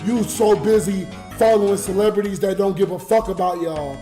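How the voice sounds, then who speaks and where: Drunk guy on a livestream, high voice, raw emotional ranting at chat, echoey room. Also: fairly even intonation, moderate pace, hardly any pauses, warm tone. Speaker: livestreamer and comedian. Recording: roomy echo with music behind.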